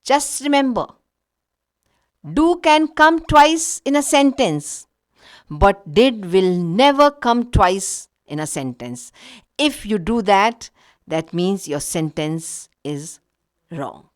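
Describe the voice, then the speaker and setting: Lively-voiced teacher. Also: female voice, mid-range voice, slow pace. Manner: patient, explaining with examples. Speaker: English teacher. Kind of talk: recorded grammar lesson.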